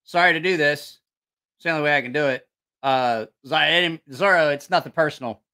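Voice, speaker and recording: A man's voice: a little high, brisk, bright, forceful tone. A man hosting a casual livestream, telling rambling, profane stories and reacting to viewer comments. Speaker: channel host.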